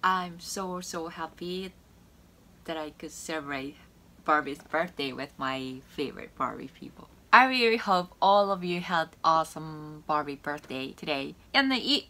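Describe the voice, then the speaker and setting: A woman's voice: fairly low pitch, bright, forceful tone. A woman vlogger chatting casually to her viewers about her shopping haul, bubbly and gushing. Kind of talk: casual chat to camera.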